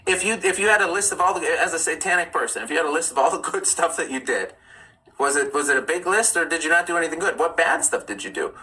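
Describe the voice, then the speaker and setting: Chatty bright-voiced male livestream host. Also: fairly high pitch, animated, low-quality recording. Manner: chatty, candid, quick asides. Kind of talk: casual live chat and storytelling.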